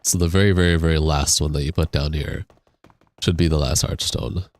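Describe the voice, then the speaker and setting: A man's voice: extremely low pitch, fairly even intonation, fairly quick. A man live-streaming a game on a desk microphone, chatting casually, reading chat aloud, laughing and swearing now and then. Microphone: desk USB microphone.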